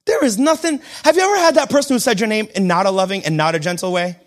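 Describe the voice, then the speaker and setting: A young adult man preaching a sermon, switching between shouted declarations and quiet, joking asides. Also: high-pitched, animated, fast. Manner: self-deprecating humor. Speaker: pastor.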